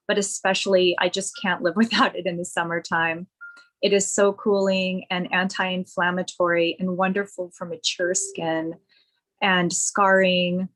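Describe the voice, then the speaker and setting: A woman esthetician giving a slow, gushing skincare demonstration at home. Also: fairly low pitch, a bit bright, poor audio.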